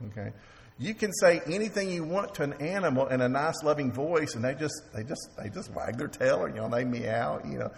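A man preaching a sermon as pastor, halting and repeating words while he asks the congregation questions. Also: medium pitch, lively intonation, gravelly. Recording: long reverb of a large hall.

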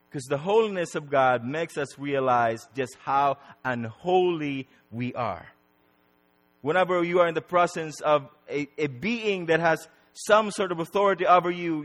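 A man preaching a sermon, repeating words for emphasis and swinging between loud and soft. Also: a little high, measured pace, big-room sound.

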